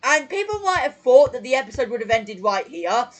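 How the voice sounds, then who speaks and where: A man's voice: very high voice, big pitch swings, fairly quick, rough recording. A male host giving casual live-stream commentary from home on his desk mic, rambling with lots of fillers and self-corrections. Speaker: channel host.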